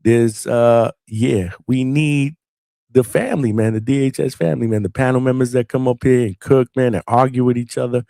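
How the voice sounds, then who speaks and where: A man's voice: mid-range voice, steady tone, normal speed, creaky, mellow, no room sound, studio quality. A man hosting a late-night boxing call-in show, talking in a loose, slangy and profane way, with lots of "man" and "bro". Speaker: podcast host.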